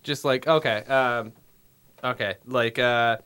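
A man's voice: mid-range voice, animated, normal speed, pushed and bright, smooth. A man on a comedy podcast in casual chat, hesitating with fillers before delivering jokes.

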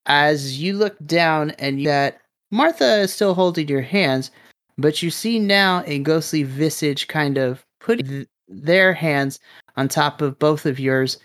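A man acting as game master, narrating a tabletop game in a relaxed, chatty way. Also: on the high side, a little slow, no room sound, studio quality. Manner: relaxed, chatty, laughs easily.

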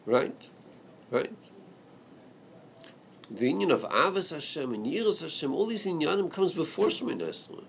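A man teaching a religious study class, reasoning aloud with hesitant stops and repeated words. His pitch rises and falls in a lively way, with a gravelly edge. A faint hiss sits behind him. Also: normal speed. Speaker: Chassidic text teacher. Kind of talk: Torah study class discussion.

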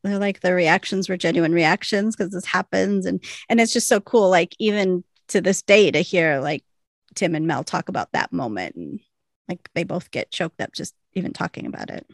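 A young woman chats her way through a TV episode recap, trailing off into fillers and laughing as she goes. Her voice has a gravelly, fry-heavy edge. It sits dry and close to the mic. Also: fairly low pitch, lively intonation, normal speed, dry recording. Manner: rambling, many fillers, laughs often. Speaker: podcast co-host. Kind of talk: casual recap chat.

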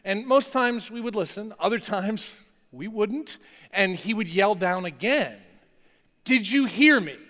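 A male pastor from North New Jersey giving a conversational, lively sermon with playful asides in a church chapel. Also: high voice, measured pace. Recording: long hall reverb.

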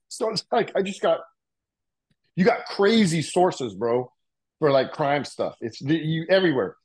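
Coughing from a bong, a middle-aged writer from the US tells casual stories about his past as an interview guest. His voice is a little high with big pitch swings and a breathy edge, at a measured pace, and his slangy talk leans heavily on "like" and "you know."

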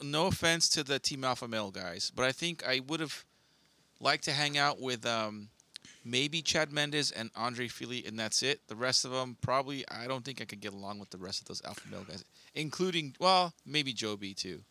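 Gravelly bright-voiced man, dry sound. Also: medium pitch, expressive, moderate pace, dry recording. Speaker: podcast co-host. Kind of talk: casual chat.

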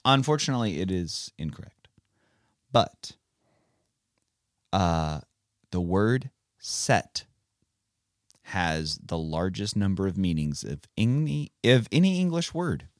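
Animated man hosting a kids' Bible podcast. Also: sits low, slow, long pauses, no echo, studio quality. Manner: animated, teacherly, playful. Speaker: podcast host. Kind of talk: casual Bible podcast for kids.

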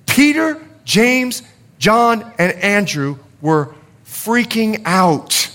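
A male pastor preaching a sermon, swinging from loud urgency to hushed confession. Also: high voice, slow.

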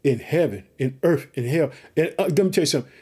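Fired-up Chicago preacher, husky and mellow. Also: male voice, a little high, lively intonation, quick pace. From Chicago, Illinois. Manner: fervent, repetitive call-outs to listeners. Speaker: podcast preacher. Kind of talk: sermon.

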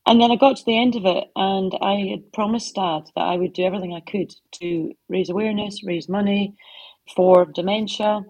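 Heartfelt stories and soft asides fill the conversational interview answers of this middle-aged author, who speaks from her home office. Her voice is mid-range and steady, her pace moderate, and the recording dry.

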